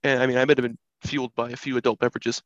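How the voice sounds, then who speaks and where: A man on a casual podcast telling an animated story about a night out. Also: mid-range voice, rapid-fire, dry recording, lo-fi sound. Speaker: podcast co-host.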